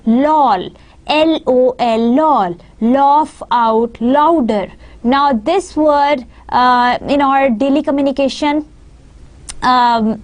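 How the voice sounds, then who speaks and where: A woman with a high voice gives a lecture over slides. She pads her sentences with fillers and repeats her phrases as she explains each point. She sounds like a lecturer talking to students. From Pakistan.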